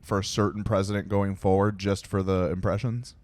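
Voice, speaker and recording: A man's voice: deep voice, level tone, a little fast, darkish tone. A man hosting a casual podcast, asking loose, joking questions with frequent stumbles and restarts. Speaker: podcast host.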